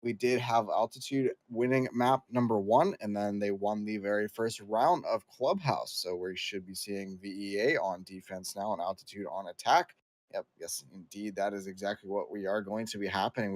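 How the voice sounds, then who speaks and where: A man casting a live esports match, talking quickly through play-by-play and analysis in a chatty, easygoing way. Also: mid-range voice, dry recording. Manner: talkative, quick asides, apologetic host patter. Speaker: esports caster.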